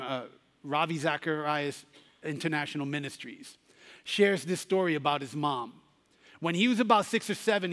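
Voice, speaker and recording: A man's voice: on the high side, a bit bright, big-room sound. A man preaching a sermon, telling a story and rising to emphatic Bible readings.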